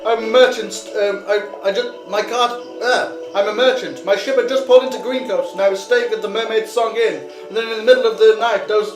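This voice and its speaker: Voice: mid-range voice, fairly even intonation, fairly quick, few pauses, voice pushed up, lightly acted. Brief: a game master playing a scared merchant in his thirties, raised and pleading, roomy room, music underneath. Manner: pleading, panicky. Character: frightened human male merchant, mid-thirties. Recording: roomy recording with music behind.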